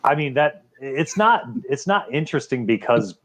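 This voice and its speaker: A man's voice: medium pitch, sing-song, normal speed, a little hiss or hum. A man in a casual debate, explaining his point loosely with fillers like um and you know.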